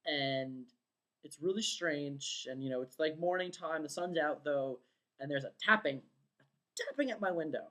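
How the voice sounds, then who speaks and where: A woman's voice: sits low, normal speed. Rambling young woman recounting a dream. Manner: rambling, filler-heavy, acts out quotes excitedly. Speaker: vlogger. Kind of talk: casual storytelling vlog.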